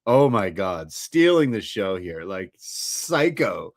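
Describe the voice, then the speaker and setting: A man's voice: on the low side, very animated, slow pace. A man co-hosting a casual film review podcast who swears freely and retells scenes with laughter.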